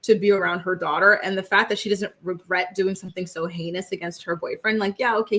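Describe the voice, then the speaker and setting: A woman's voice: mid-range voice, quick pace, few pauses, fairly bright tone. A young adult woman hosting a celebrity gossip livestream, chatting casually, reacting to viewer comments, with constant "like" and "right?" tags and emphatic opinions.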